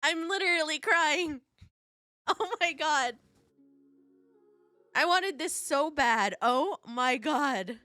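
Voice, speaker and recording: A woman streaming a game live, talking straight to her chat in a high, bright voice. She is excitable and quick to squeal with joy. Faint game music plays under her voice. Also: no room sound, studio quality.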